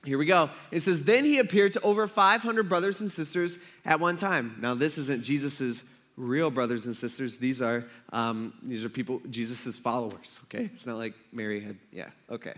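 A man preaching a conversational sermon, casual and animated, acting out Bible scenes with asides to the congregation. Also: mid-range voice, normal speed. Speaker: pastor.

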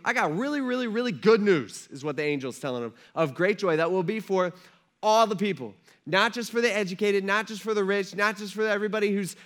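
A man in his thirties preaching a sermon from a church stage, telling stories in an animated, conversational way with lots of asides. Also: sits high. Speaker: pastor.

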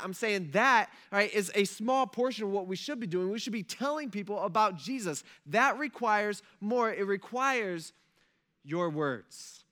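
A man giving a casual, conversational sermon as a pastor, emphatic and swinging between loud and soft, acting out quoted voices. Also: high voice.

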